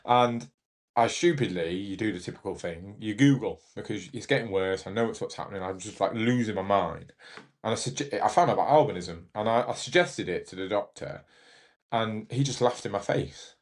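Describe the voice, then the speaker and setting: Soft-spoken young man. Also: fairly low pitch. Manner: halting and emotional, with many restarts and fillers like "like". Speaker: podcast guest, Paralympic judo athlete. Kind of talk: candid storytelling in an interview.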